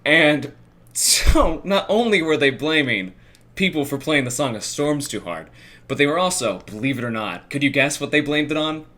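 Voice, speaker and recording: A man's voice: fairly high pitch, lively intonation, normal speed, pushed and bright. A young man co-hosting a podcast, laid-back and swearing freely in casual chat. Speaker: podcast co-host.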